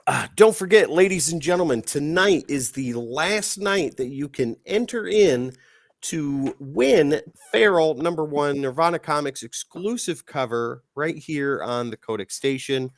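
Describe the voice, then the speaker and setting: A man hosting a live comic book stream, announcing in a playful showman style with big swings in loudness. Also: on the high side, lively intonation, measured pace, no room sound. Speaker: host. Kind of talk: hyped show-host patter.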